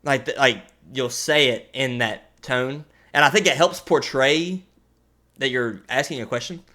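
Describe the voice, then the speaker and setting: A young man chatting on his podcast with a bright, forward tone. He talks in halting bursts, restarting his sentences, and breaks into laughter often. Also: medium pitch. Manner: halting, many restarts and fillers, laughs easily. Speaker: podcast co-host. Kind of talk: casual chat.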